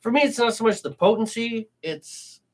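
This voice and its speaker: A man co-hosting a casual home-brewing show, chatting and joking about beers in animated banter. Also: very high-pitched, moderate pace. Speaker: co-host. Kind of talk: casual chat.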